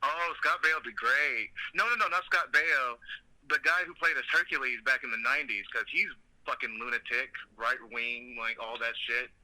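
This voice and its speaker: A man's voice: medium pitch, normal speed, pushed and bright, rough recording. A man hosting a podcast, chatting casually and telling rambling, profane jokey stories. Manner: rambling, joking, profane storytelling. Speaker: podcast host. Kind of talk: casual comedic chat.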